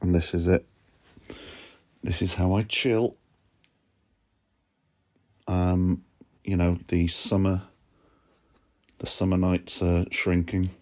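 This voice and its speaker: A man hosting a podcast, chatting in a relaxed, reflective, sleepy way while lying on his bed, recorded on a phone. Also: deep voice, takes it slowly, long pauses. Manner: sleepy, yawning, self-mocking. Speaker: podcast host. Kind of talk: relaxed reflective solo chat. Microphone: phone voice notes app.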